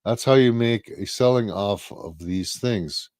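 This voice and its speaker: A man's voice: on the low side, measured pace, darkish tone, no echo, studio quality. A man co-hosting a casual live-stream talk show, blunt and profane, firing off rhetorical questions. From Canada.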